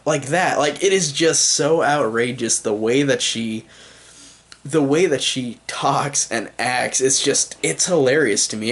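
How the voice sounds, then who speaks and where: A young man talks through a movie review in a loose, unscripted way. His voice sits at an ordinary middle pitch, and he rambles with eager enthusiasm, full of fillers. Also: a bit bright. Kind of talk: casual spoken movie review.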